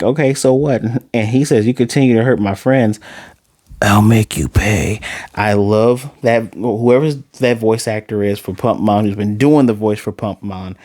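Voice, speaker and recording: A man casually recapping and reviewing an anime episode, acting out character lines with dramatic, exasperated reactions. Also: fairly low pitch. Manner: animated, acts out character lines in quick snippets.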